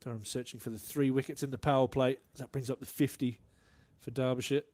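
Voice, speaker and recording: A man giving live cricket commentary and analysis in a relaxed way, warm in praise of good shots. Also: mid-range voice, fairly quick, dry recording.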